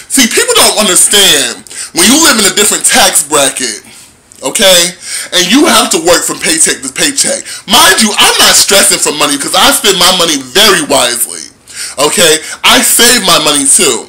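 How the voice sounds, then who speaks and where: A man with a high voice rants at his viewers in a vlog. His tone is piercingly bright and cutting, and he swears heavily the whole way through. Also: sing-song, a little fast, rough recording. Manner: profane, heated ranting; talks straight to his viewers. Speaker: vlogger. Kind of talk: angry ranting vlog.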